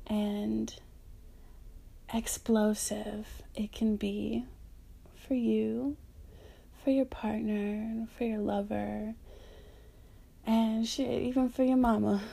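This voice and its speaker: A woman with a somewhat high, husky voice that has a gravelly fry, talking slowly in a hushed, half-whispered way. She speaks frankly about intimate topics and swears casually, like an unhurried podcast host. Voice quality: hushed, often whispered delivery. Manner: frank and profane, slow and reflective. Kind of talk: soft-spoken wellness talk.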